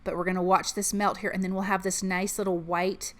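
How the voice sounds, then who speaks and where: A woman's voice: mid-range voice, flat delivery, fairly quick, a bit bright. Friendly woman narrating her craft tutorial, chatty and upbeat, goes step by step. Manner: chatty, upbeat, walks through each step. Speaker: card-making channel host.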